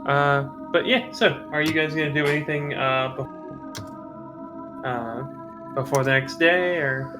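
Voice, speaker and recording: Hesitant game master, slightly high voice. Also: male voice, slow, long pauses, music in the background. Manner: hesitant, frequent filler sounds. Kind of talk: running a tabletop game.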